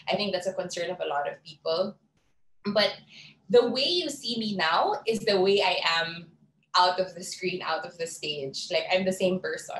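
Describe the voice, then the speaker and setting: A young woman with a Filipino accent giving a lively, chatty online talk on public speaking, slipping in Tagalog words, from a small room over a video call. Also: fairly low pitch. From Philippines. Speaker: guest speaker. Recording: roomy video call with faint background noise.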